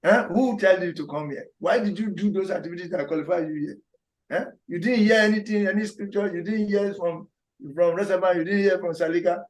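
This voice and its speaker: A man teaching a scripture class online, animated, repeating words and acting out scolding voices. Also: sits high, fairly quick.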